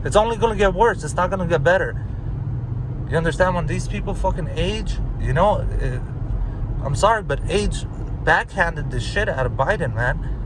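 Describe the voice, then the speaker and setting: A man's voice: a little high, background noise. A man in his thirties from Los Angeles, ranting casually and profanely to camera, rambling and repeating himself for emphasis. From Los Angeles, United States. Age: 30s. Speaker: vlogger.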